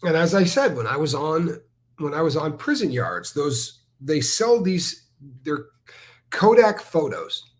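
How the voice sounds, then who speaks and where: A man's voice: a little high, unhurried. Emphatic storytelling male co-host. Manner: animated storyteller, emphatic, mimics others. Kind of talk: casual livestream chat.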